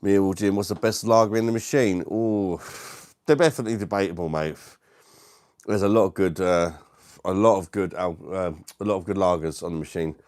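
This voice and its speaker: A British man with a low, deep voice chats easily with his live-stream viewers from home. He is relaxed and quick to laugh. The sound is dry and close, with no room echo. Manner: laid-back, laughs often, says mate a lot. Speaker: livestream host. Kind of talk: casual live-stream chat reading viewer comments.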